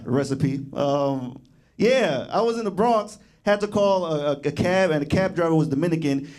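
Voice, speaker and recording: A young man does stand-up in a fairly high voice. He rambles loosely and laughs at his own jokes as he goes. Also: darkish tone. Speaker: stand-up comedian. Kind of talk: stand-up comedy.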